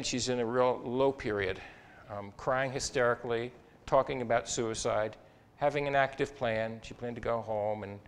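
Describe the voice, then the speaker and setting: An older man speaks at an everyday middle pitch, telling a story from his practice in an earnest, reflective way. His voice climbs and drops in loudness and pitch as he recounts it, with small restarts along the way. He sounds like a professor giving a talk. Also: clear, resonant tone. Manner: expressive, rises and falls in pitch and loudness while recounting.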